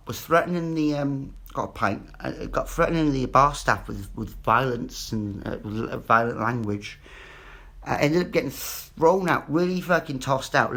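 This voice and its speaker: A man's voice: mid-range voice, vocal fry, a bit bright. A man, ranting in a rambling, sweary monologue and repeating himself. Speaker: vlogger.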